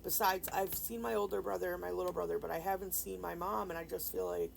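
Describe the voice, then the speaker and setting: A woman's voice: lowish voice, lively intonation, fast, vocal fry, slight background noise, rough recording. A woman vlogger casually telling a rambling personal story, full of fillers and restarts. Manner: subdued and grieving in later part. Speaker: nail art vlogger.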